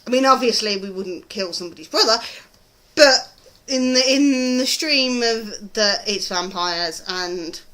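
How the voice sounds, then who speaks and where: A woman's voice: medium pitch, unhurried, pushed and bright. A British woman chatting casually in a TV review vlog, rambling and gushing with frequent ums. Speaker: TV review vlogger.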